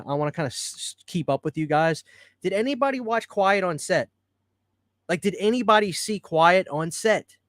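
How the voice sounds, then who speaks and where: A man's voice: fairly high pitch, no room sound, clean studio sound. A man hosting a casual live stream, chatting loosely, answering viewer comments and laughing easily. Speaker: livestream host. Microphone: studio microphone.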